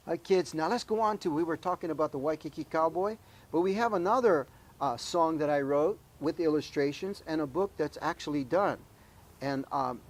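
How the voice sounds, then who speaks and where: A man hosting a children's show, gently quizzing young guests and leading sing-alongs. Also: on the high side. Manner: slow, gentle, quizzing kids. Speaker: host. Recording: music behind voice.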